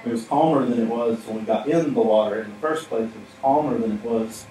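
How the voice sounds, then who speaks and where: A man's voice: medium pitch, fast talker. A man preaching a casual, conversational sermon, telling a story with frequent laughs and acted-out quotes. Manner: animated storytelling, laughs often, acts out quotes. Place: church hall. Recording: echoey hall from far off, faint room noise.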